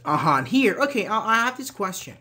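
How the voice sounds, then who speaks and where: A man's voice: sits high, very animated, brisk, bright, forceful tone. A male English teacher leading a live online grammar class, patiently explaining and repeating example phrases while answering viewers' comments by name.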